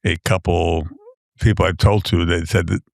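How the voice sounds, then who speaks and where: A man's voice: low voice, steady tone, normal speed, vocal fry, a little mellow, dry recording. A man, a book author, chatting as a guest in a podcast studio, telling stories with many fillers and restarts. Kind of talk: casual podcast chat.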